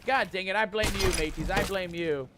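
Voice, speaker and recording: He's a streamer playing a pirate game, his voice high and brisk, reading out the chat and peppering his live commentary with pirate slang. There's background noise along with music under his voice.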